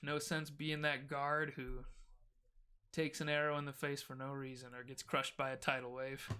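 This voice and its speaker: A man's voice: medium pitch, level tone, normal speed, pushed and bright, clear, resonant tone, natural voice. A man doing a folksy howdy-saying wagon driver. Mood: friendly. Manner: folksy, drawling, uses howdy and y'all.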